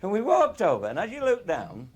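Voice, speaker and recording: A man's voice: high voice, huge pitch swings, a little fast, husky. A middle-aged man, telling comic stories to a live audience in an earthy, swearing manner and chuckling along. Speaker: raconteur.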